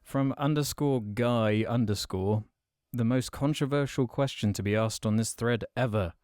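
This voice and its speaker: A man's voice: medium pitch, moderate pace, a little mellow, smooth, dry recording, studio quality. A man co-hosting a podcast, reading out listener questions and giving mild, hesitant replies. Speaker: podcast co-host.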